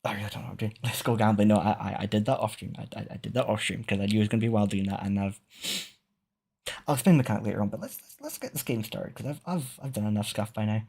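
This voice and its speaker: A man's voice: fairly low pitch, racing, gravelly, darkish tone, slightly rough. A man with a Scottish accent, a VTuber streamer rambling casually to his chat, swearing and laughing often. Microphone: streaming microphone.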